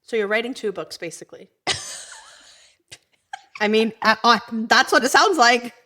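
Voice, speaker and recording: A woman's voice: fairly high pitch, normal speed, bright, forceful tone. A woman hosting a podcast, asking questions and teasing her co-host in casual chat. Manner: friendly, teasing interviewer.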